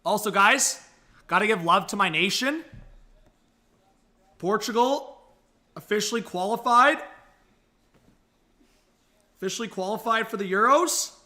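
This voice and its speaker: A young man hosting a live hockey reaction stream, chatty and excitable, thanking viewers and coaxing his dog. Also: high voice, measured pace, long pauses. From Canada. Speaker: livestream host.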